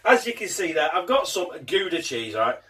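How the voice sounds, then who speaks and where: A man's voice: high voice, pushed and bright, husky. A man hosting a casual home cooking show, chatty, laughing and swearing as he works in his kitchen.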